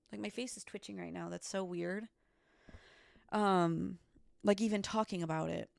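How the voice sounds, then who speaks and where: Solo woman podcaster: gravelly, fry-heavy voice, casual and profane, dry close sound. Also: medium pitch, moderate pace, no room sound. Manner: emphatic, swears often, leans on "like" and "okay". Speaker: podcast host. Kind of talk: candid solo podcast chat.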